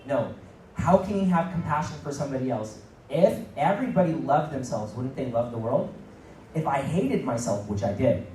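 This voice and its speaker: A man's voice: medium pitch, warm tone, a little hiss or hum. A middle-aged man giving a motivational keynote talk, repeating phrases for emphasis and acting out quoted dialogue. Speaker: keynote speaker. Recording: echoey room, mic at a distance.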